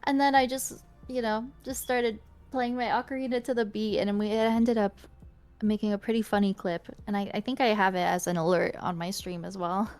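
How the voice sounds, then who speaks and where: A woman's voice: mid-range voice, level tone, a little fast, a little mellow, clean tone. Woman from canada, streamer guest, casual chat, giggly, faint music behind. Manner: easygoing, giggly, lots of "like" fillers.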